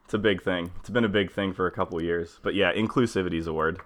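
A man's voice: low-pitched, fairly even intonation, fast talker. A young man hosting a podcast, chatting in a laid-back way, laughing easily and swearing casually. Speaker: podcast host.

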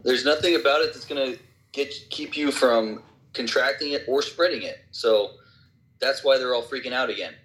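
A man's voice: medium pitch, fairly bright tone, rough recording. A man in casual podcast chat, agreeable and chuckling as he talks.

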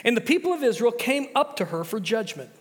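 A man's voice: extremely high pitch, sing-song, fairly quick, big-room sound. A man preaching a sermon as pastor, chatty and casual, often restarting his sentences.

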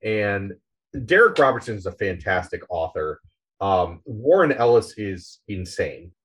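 A man's voice: fairly low pitch, sing-song, measured pace, fairly bright tone, poor audio. A man hosting a casual podcast chat, animatedly retelling a comic plot and swearing freely. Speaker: podcast host.

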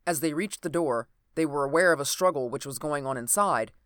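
A narrator reading an old adventure novel aloud in a steady, even storytelling manner. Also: mid-range voice, a little fast, dry recording, studio quality.

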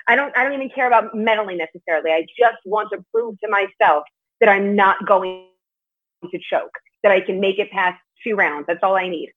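A woman's voice: mid-range voice, brisk. A woman guest in a casual interview, speaking candidly and chattily and swearing now and then. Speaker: podcast guest, martial arts competitor. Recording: tinny phone-like line.

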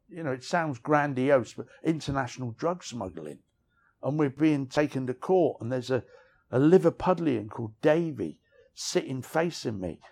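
A man's voice: medium pitch, gravelly, a little mellow, breathy edge. A middle-aged man, a writer and interview guest, telling frank personal stories in a rambling way, often saying "you know what I mean". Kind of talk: candid personal storytelling.

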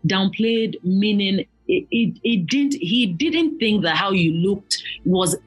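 A woman's voice: mid-range voice, slow pace, husky, soft background music, low-quality recording. A woman, a guest telling her story earnestly and in detail. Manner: earnest, animated when quoting others. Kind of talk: reflective storytelling.

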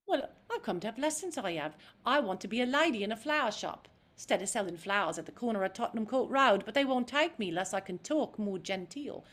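A woman's voice: on the high side, expressive, a bit bright. A woman voicing a spunky young flower girl who is bold and never worried. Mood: eager. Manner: bold, unworried, springs back quickly.

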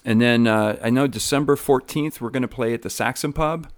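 A man's voice: medium pitch, brisk, no echo. Hesitant man with a dry sound. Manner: hesitant, many fillers, hedging. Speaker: musician guest. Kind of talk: casual interview chat.

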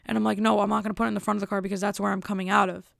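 A woman's voice: mid-range voice, level tone, very fast, creaky, dry recording, clean studio sound. A young woman casually telling a rambling story, full of fillers and exasperation. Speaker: vlogger.

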